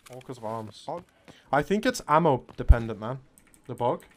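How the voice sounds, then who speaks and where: A man streaming a shooter game, chatting casually to his viewers, excitable and swearing often, calling everyone bro. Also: mid-range voice, normal speed, slight background noise. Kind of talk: casual live-stream commentary.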